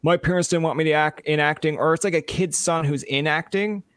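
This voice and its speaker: A man's voice: on the high side, a little fast, fairly bright tone, smooth, no echo. A man interviewing a guest, asking long, rambling questions full of "like" and "kind of". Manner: rambling questions, heavy use of "like". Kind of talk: casual interview chat.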